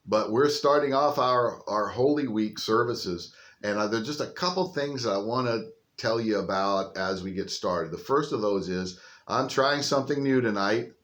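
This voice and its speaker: An older male pastor with a fairly low voice preaches an informal sermon outdoors. He tells the story in a folksy, chatty way. He speaks into a phone held on a selfie stick. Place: outdoors on a windy day.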